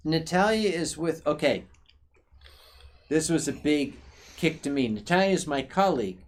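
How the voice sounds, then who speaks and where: A man hosting a tipsy, casual drinking stream, telling stories slowly and deliberately. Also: a little high, expressive. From Philadelphia. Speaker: host.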